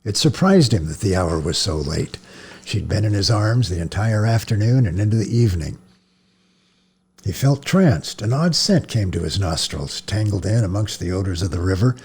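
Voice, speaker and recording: A man reading a novel aloud as narrator, measured, with occasional slips and restarts. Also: fairly low pitch, expressive, a little mellow, husky. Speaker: audiobook narrator.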